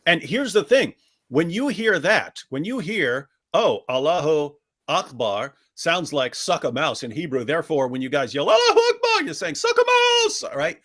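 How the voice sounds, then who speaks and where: Speaking at normal speed in a slightly high, expressive and somewhat bright voice, this debate review co-host keeps the discussion casual and sarcastic. He mimics opposing arguments in an exaggerated way and repeats phrases emphatically to drive points home.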